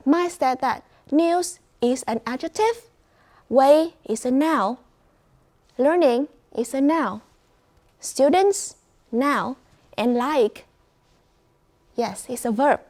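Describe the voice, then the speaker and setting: A woman English teacher with a Vietnamese accent, running a class and guiding her students slowly and clearly with encouragement. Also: high voice, a little mellow.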